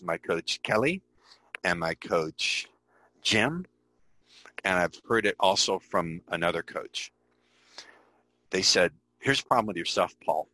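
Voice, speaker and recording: A man's voice: fairly low pitch, animated, unhurried, pauses often, bright, forceful tone, no echo, low-quality recording. A middle-aged man teaching sales in an online webinar, emphatic and repetitive, drilling key phrases over and over. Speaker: sales trainer.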